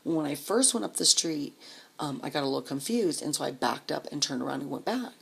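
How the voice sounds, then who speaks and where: A woman with a deep, gravelly, slightly husky voice tells a personal story straight to the camera. She talks casually and swears a lot. She acts out the people she met, and sometimes she drops to a whisper. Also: expressive, a little fast, a bit bright. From Denver area, US. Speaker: vlogger.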